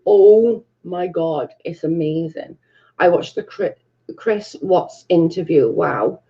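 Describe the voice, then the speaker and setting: A woman's voice: lowish voice, slow pace, dark tone, muffled recording. A British woman hosting a casual livestream from her bedroom, chatting and reading out viewer comments, swearing freely. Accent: British English. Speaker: livestream host.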